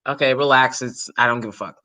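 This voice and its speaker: A woman YouTuber and actor chatting casually to her viewers, animated and swearing freely, breaking into loud shrieks and laughs. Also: rumbling low, quick pace. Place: New York City.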